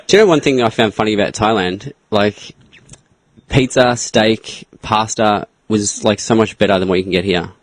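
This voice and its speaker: Low-voiced man chatting. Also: normal speed, no room sound. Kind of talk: casual chat.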